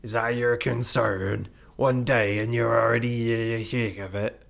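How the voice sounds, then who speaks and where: Guy putting on a sloshed pirate-ish captain, gravelly, slurry, drags every word out all mocking. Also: mid-range voice, fairly even intonation, a bit bright. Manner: slow, taunting, lurching. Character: drunken swaying male ship captain, mocking.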